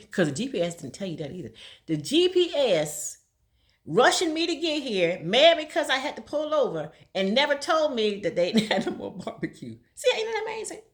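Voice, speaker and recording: Lively laughing woman telling stories. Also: on the high side, moderate pace. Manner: animated, laughs often, folksy slang. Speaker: vlogger. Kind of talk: casual storytelling monologue.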